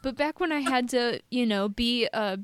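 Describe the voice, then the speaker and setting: A woman's voice: on the high side, moderate pace, a little hiss or hum. A young woman co-hosting a podcast, telling stories in a rambling, self-deprecating way. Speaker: podcast co-host. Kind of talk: casual chat.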